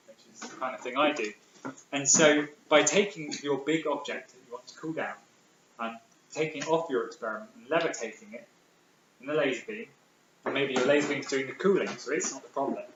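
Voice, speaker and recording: A mid-range male voice comes through a noisy background as a British man lectures on physics to the public in a lecture hall. Enthusiastic, he stumbles through ums and restarts, and the sound is roomy and slightly dull.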